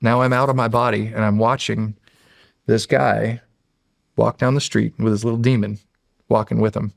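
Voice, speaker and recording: A man's voice: lowish voice, level tone, normal speed, gravelly, no room sound, studio quality. A middle-aged American man, a podcast guest, telling a long story in a rambling, casual way and acting out the quotes. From United States. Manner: rambling, acts out quotes, repeats "he's like".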